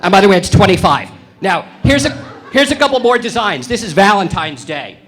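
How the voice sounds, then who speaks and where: A male stand-up comedian working a club stage with a high, bright voice. He talks brashly and provocatively and lands his punchlines deadpan. The sound comes off a handheld stage mic. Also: brisk.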